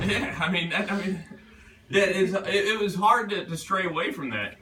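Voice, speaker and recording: A man, the author, answering questions at a bookstore reading, halting and restarting often and laughing easily. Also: high-pitched, pushed and bright, slight background noise. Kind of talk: casual Q&A at a book reading. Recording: roomy distant live recording.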